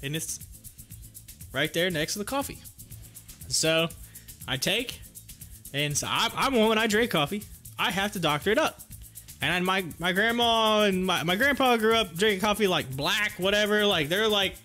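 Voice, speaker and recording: A man's voice: high-pitched, lively intonation, moderate pace, long pauses, bright, forceful tone, faint music behind. A man hosting a livestream, rambling through a funny personal story and laughing often. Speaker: livestream host. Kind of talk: casual storytelling.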